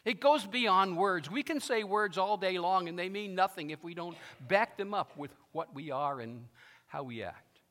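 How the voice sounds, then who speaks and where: A man's voice: high voice, expressive, moderate pace, fairly bright tone. A male pastor preaching a sermon, emphatic and fond of repeating his phrases, with a long reverb from a large hall.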